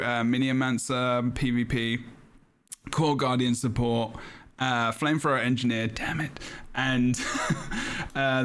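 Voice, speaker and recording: A man's voice: medium pitch, fairly bright tone. A man hosting a casual gaming podcast, thinking aloud with many fillers and restarts. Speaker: podcast host.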